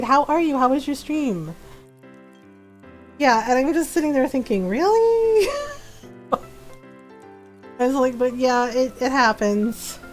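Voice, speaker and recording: A woman streamer chatting casually while gaming, telling stories with a lot of laughter and acting out what people said. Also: on the high side. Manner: chatty storyteller, laughs often, acts out quotes.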